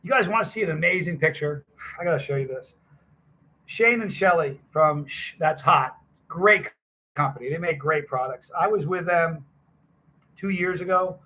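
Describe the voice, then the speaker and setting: Casting: energetic man, bright forward voice, rambling live-stream chatter, shouting out viewers. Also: a little high, rough recording. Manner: rambling, greets chat viewers by name. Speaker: hot sauce live streamer. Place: hot sauce festival booth.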